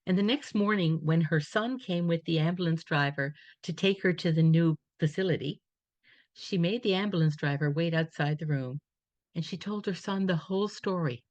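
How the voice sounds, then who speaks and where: A woman's voice: on the low side, moderate pace, darkish tone, dry recording. A woman speaker on a webinar, telling a personal faith story in a reflective, storytelling way. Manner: reflective storytelling, quoting others in dialogue. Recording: dull dry webinar audio.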